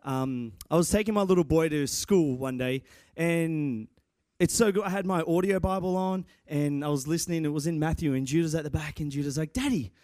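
A man's voice: on the high side, a little fast, darkish tone, no echo, clean studio sound. A man preaching a sermon and telling a self-mocking personal story. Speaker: pastor.

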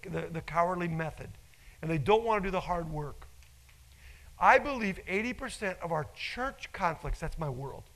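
A man's voice: high-pitched, a bit bright, low-quality recording. A middle-aged male pastor preaching a sermon in an emphatic, folksy storytelling way, repeating key phrases.

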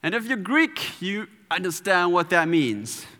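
A male preacher delivers a lively sermon with a bright, forceful voice that swings widely in pitch. He is playful and animated, and the long reverb of a large hall trails after his words. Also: measured pace. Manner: playful, animated, with sound effects.

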